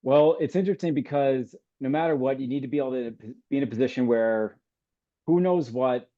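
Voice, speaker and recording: Male guest, mellow tone. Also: mid-range voice, a little fast, dull audio. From Wisconsin. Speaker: political strategist guest. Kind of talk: casual conversation.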